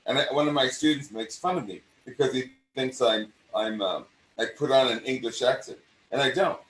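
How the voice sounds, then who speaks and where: An older man with a mid-Atlantic accent, an acting coach hosting a conversation and talking in an animated way that often restarts and repeats phrases. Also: mid-range voice, fairly quick, slight background noise. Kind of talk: casual conversation. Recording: roomy sound from a distant mic.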